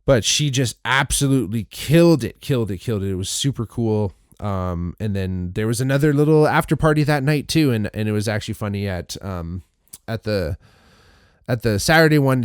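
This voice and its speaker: A male podcast host with a smooth, lowish voice gives a casual solo recap of a festival weekend, rambling, restarting often, and peppering his talk with fillers and swearing. The sound is studio quality, with no echo.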